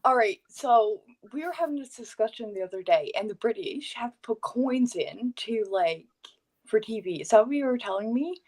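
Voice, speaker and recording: A woman's voice: a little high, expressive, moderate pace, a little mellow. A woman chatting on a live call, asking curious questions. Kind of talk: casual chat on a live call.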